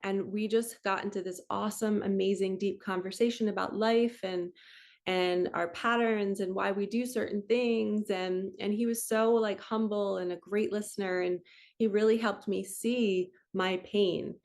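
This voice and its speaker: A woman in her forties, a spiritual coach, talking gently and reflectively to her viewers in a casual, chatty way. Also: medium pitch, fairly even intonation, normal speed. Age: 40s.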